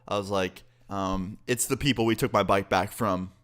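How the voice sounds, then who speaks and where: A young man casually telling a storytime to his viewers, swearing often and acting out the people in it. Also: moderate pace. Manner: profane, animated, quotes people with pitch jumps. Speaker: storytime vlogger.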